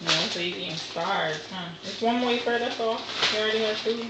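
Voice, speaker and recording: On a handheld home camcorder with loud background noise, a young woman films small children at a home meal. Her medium-pitched voice is brisk as she coaxes them in sing-song baby talk.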